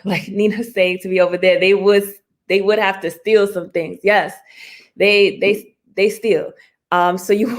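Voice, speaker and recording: Woman IP lawyer, conversational teaching talk, plain everyday examples, frequent laughs, video-call mic. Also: mid-range voice. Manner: laughs often, many fillers and restarts. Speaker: intellectual property lawyer. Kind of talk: conversational continuing-education talk.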